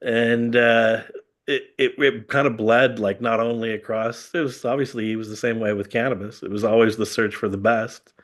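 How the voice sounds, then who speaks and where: A middle-aged man, a guest in casual chat, rambling fondly through memories and chuckling often. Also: on the low side.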